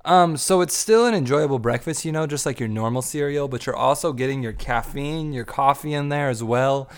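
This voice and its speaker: A young man co-hosting a casual podcast with his wife, talking in a playful, rambling way with quick asides. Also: medium pitch. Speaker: podcast co-host.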